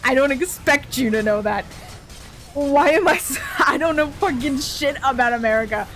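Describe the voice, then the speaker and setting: A woman streamer with a slightly high voice rambles loosely as she plays. She swears freely, laughs easily and keeps a running casual chat, with soft music playing faintly underneath. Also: normal speed. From Canada. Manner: rambling, profane, frequent laughs.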